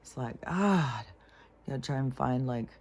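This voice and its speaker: A woman's voice: extremely low pitch, animated, normal speed, darkish tone. A woman vlogging about her day, rambling and irritated, swearing freely with lots of fillers. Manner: irritated, frustrated. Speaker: spiritual vlogger. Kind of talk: casual venting monologue.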